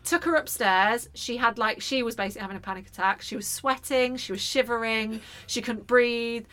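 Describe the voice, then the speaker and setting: A woman in her thirties, a podcast co-host telling an animated, sweary story in casual chat. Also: fairly high pitch, a little fast.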